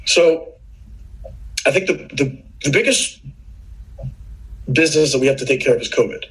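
Husky man explaining policy earnestly. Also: medium pitch, lively intonation, moderate pace, fairly bright tone, low-quality recording. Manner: earnest, explanatory, with frequent restarts. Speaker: podcast guest. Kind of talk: casual political chat.

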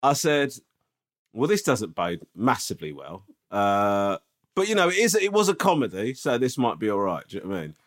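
A man's voice: mid-range voice, brisk. A man in casual podcast chat, telling a story with swearing and lots of asides. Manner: animated storytelling, swears often. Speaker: podcast co-host.

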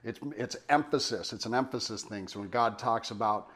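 A man's voice: fairly low pitch, a little fast, a bit bright. A man reading scripture aloud and then teaching on it in a casual, conversational way, with many fillers and emphatic asides. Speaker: Bible teacher. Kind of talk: casual Bible study teaching.

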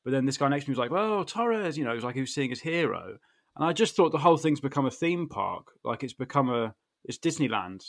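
A man's voice: mid-range voice, animated, fast talker, creaky. A man from England talks as a podcast guest, wry and self-deprecating. His voice sits mid-range, and he laughs easily as he rambles through his memories. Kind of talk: casual chat.

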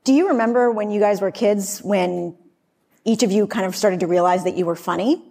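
Woman asking relaxed interview questions. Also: mid-range voice, brisk, creaky. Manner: relaxed, laughs along, asks follow-ups.

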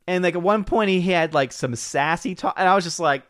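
A man hosting a live stream, chatting casually with viewers in an excitable way and often repeating words as he hurries on. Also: high-pitched, no room sound, studio quality. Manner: excitable, repeats words while rushing to the point. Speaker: live stream host reading viewer chats.

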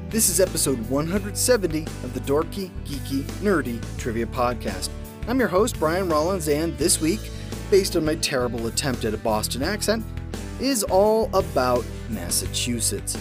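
A man hosting a trivia podcast, reading questions in a playful manner. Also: a little high. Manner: animated, playful. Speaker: podcast host, trivia quizmaster.

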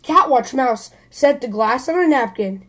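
High-voiced woman reading a kids' story. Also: expressive, unhurried. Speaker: children's story podcast host. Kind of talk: reading a picture book aloud.

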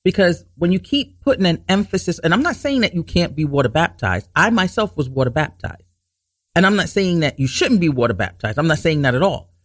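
A man hosting a Bible teaching talk show, explaining scripture earnestly, restarting sentences to stress his points and reading verses slowly. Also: a little high, very animated, dry recording, studio quality. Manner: reads scripture slowly and deliberately.

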